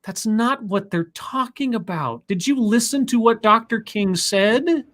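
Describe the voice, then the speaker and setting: A man hosts a casual talk and rants with open exasperation. His voice sits noticeably high for a man. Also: animated, unhurried, fairly bright tone. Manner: exasperated, ranting. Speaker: podcast host. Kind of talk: casual discussion.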